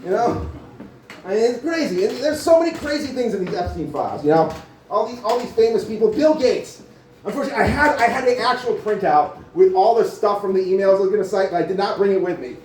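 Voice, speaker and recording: High-voiced man rambling in stand-up. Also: expressive, fast talker, darkish tone, slight background noise. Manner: rambling, profane, full of filler likes. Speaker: stand-up comic. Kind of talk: stand-up comedy set. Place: cafe or small venue. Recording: echoey room, mic from far off.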